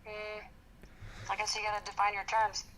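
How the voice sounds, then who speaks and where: Bright-voiced woman calling in by phone. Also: medium pitch, monotone, moderate pace. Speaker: caller. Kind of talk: casual phone call. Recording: tinny phone line.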